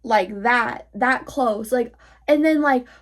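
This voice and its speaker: A teenage girl tells a storytime about a fight, swearing freely and leaning on "like" between nearly every phrase. Her voice sits a little high for a woman, and she sounds heated throughout. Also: takes it slowly, fairly bright tone. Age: teens. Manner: heated, profane retelling full of "like". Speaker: vlogger. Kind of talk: storytime vlog.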